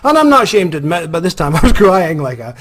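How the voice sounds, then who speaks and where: A man with a Scottish accent telling a self-mocking personal story in a lively vlog manner. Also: on the high side, fast. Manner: animated, self-mocking storyteller who laughs often. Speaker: author and vlogger.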